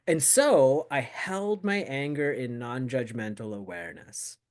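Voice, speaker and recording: A man's voice: medium pitch, slow, a little mellow. A man talking in a casual, rambling way full of fillers, reflecting on his meditation practice as a show co-host. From United States. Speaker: co-host of a Buddhist talk show. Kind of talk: casual chat.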